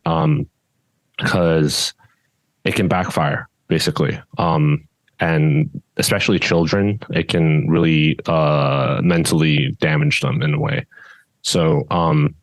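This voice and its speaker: A deep-voiced man, a judo instructor who co-hosts a podcast, chats casually on a dry recording. His tone stays steady and doesn't rise even when he gets louder, and he rambles with lots of restarts and fillers.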